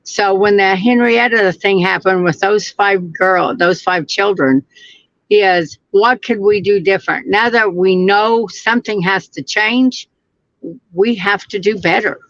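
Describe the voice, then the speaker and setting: A woman from Oklahoma, a mother being interviewed remotely, speaking in an earnest, halting, deliberate way. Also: mid-range voice, no room sound, dull audio. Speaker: guest, mother of a missing girl.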